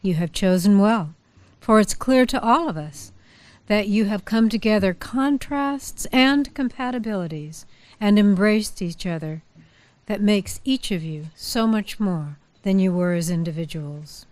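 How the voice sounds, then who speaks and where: A woman officiating a wedding, leading the couple through their vows in a warm, playful, coaxing way. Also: medium pitch, animated, measured pace, no echo.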